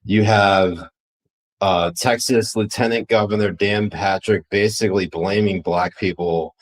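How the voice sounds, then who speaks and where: Deep-voiced podcast dude, blunt and sweary, keeps calling his cohost sir. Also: steady tone, measured pace, rough recording. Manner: blunt and profane, calls co-host sir. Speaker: podcast co-host. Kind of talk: political podcast chat, reading viewer comments.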